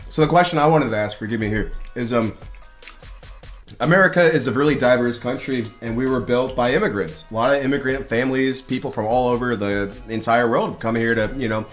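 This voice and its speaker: Man, casual interview host, halting, rambling, many fillers, mid-pitched voice. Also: soft background music. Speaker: host of a hot wings interview parody.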